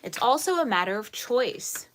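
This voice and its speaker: A woman's voice: fairly high pitch, big pitch swings, moderate pace, fairly bright tone, a little hiss or hum. Earnest woman giving a tarot reading. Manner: earnest, emphatic, repeats phrases for reassurance; playful scolding with frequent laughs. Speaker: tarot reader. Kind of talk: spoken tarot reading to viewers.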